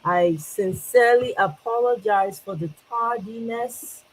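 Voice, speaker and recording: A woman's voice: on the high side, a little slow, slight background noise, rough recording. A Nigerian woman hosting a casual livestream, greeting viewers by name and switching between English and Pidgin with frequent laughs. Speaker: livestream host.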